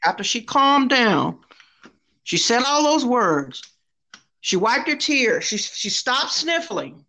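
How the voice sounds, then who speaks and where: A woman telling a workplace story in an animated, casual way, often repeating herself. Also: on the high side, slow pace.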